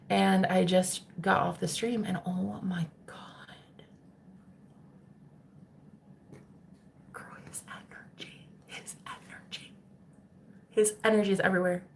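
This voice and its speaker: A young adult woman talking casually to her stream viewers, chatty and swearing freely. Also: medium pitch. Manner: chatty, swearing, laughing often. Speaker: spiritual streamer.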